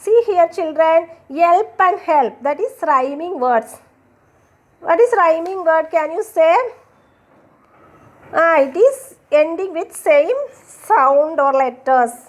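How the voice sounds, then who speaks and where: High-voiced woman teacher, Tamil Indian English. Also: animated. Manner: slow, repetitive explaining with questions to children. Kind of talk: classroom lesson explaining a poem.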